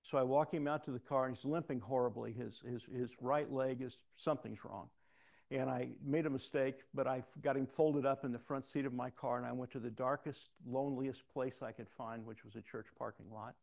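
A man's voice: mid-range voice, fairly even intonation, fairly quick, creaky, a little mellow. A man preaching a sermon in a conversational, self-deprecating way, weaving in a personal story.

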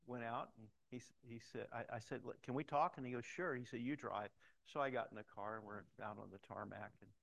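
A man's voice: mid-range voice, vocal fry, rough recording. Middle-aged pastor, man, preaches in a chatty storytelling style and gets emphatic. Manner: conversational storytelling, emphatic at points. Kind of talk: sermon with personal stories.

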